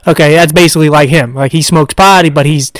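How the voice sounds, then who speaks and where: A male podcast host with a slightly high voice, chatting casually. He mostly listens and answers with short agreeing replies. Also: fairly even intonation, a little fast. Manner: brief listener backchannel, laughing along. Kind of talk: casual chat.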